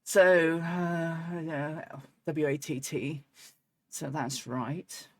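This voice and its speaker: Speaking very slowly in a low-pitched voice, with no echo on the recording, a woman chats while streaming a flight simulator. The talk is casual and meandering, thick with ums and restarts, broken up by occasional laughs and chants.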